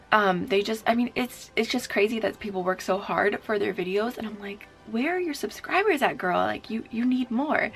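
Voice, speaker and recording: A woman's voice: mid-range voice, vocal fry, fairly bright tone. A young woman vlogging about beauty in a casual, gushing way, full of fillers. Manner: chatty and gushing, many fillers. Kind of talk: casual chat.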